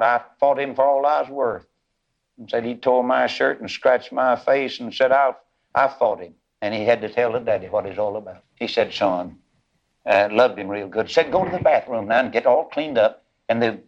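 A man's voice: medium pitch, gravelly, muffled recording. A man, preaching a sermon in a folksy drawl, telling a story and voicing its people. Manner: folksy, drawling storyteller voicing characters, building to chanted, sung climaxes.

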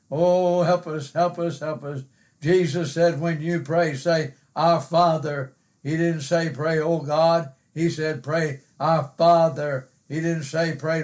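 An older man delivers a sermon at a slow, unhurried pace. His voice sits somewhat high for a man, and he leans hard on repeated words, stopping often on fillers between phrases. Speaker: preacher.

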